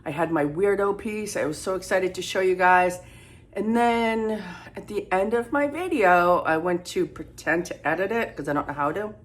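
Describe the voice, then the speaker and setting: Chatty low-voiced woman in her kitchen. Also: normal speed. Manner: chatty, rambling, self-deprecating. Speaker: thrift reseller vlogger. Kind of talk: casual haul vlog. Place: home kitchen.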